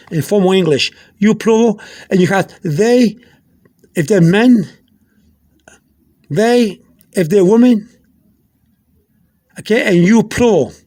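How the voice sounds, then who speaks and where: A man explaining a language lesson casually, halting often, repeating himself and using many fillers. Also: high voice. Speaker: language teacher.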